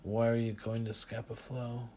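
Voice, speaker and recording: A man's voice: mid-range voice, monotone, moderate pace, darkish tone, slight background noise, close to an everyday voice. A man voicing a terse, secretive tech magnate in an audiobook, with clipped questions.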